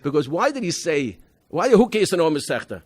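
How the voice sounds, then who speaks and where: Here the rabbi's voice sits fairly high, very animated, fairly quick and slightly rough, with no echo. Presenting a school program at a convention, he tells emphatic student stories, restarting frequently and drawing on Hebrew and Yiddish terms.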